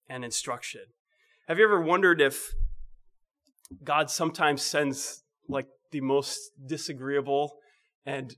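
A man preaching a sermon in a conversational way, asking rhetorical questions and dropping to a soft, quiet voice on key points. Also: medium pitch.

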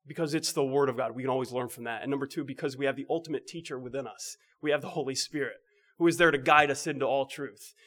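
A man preaches in a conversational style, posing rhetorical questions and sinking to a soft, quiet voice when he hits key points. His voice is mid-range and he talks fast.

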